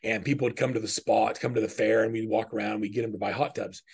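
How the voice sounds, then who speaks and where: A man's voice: on the low side, steady tone, fast talker, gravelly, slightly rough. A middle-aged man speaking as a business coach in a webinar, teaching earnestly and conversationally through personal stories, often restarting his sentences.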